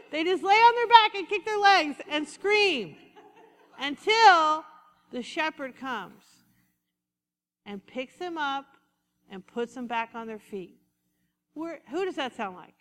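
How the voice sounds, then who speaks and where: Woman, preacher, high voice, bright tone, animated conversational sermon, long hall reverb.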